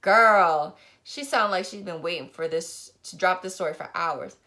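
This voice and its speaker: A woman voicing a brash, chatty teenage girl who tells gossip loudly and uses slang. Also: fairly low pitch, a little slow. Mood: gleeful gossip. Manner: loud, lively storytelling with slang.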